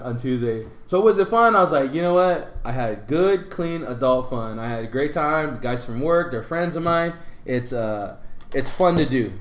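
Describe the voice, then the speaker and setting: Animated storytelling man, echoey room. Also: medium pitch. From Puerto Rico. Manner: animated storyteller, acts out quoted people loudly. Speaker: podcast co-host. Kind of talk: casual storytelling chat.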